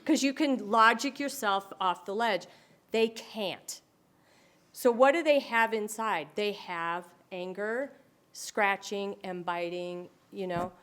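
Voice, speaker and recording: A woman's voice: mid-range voice, slow. A woman presenting to an audience, telling stories animatedly and acting out other people's voices. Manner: animated storyteller who acts out quoted voices. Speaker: speaker on dementia care.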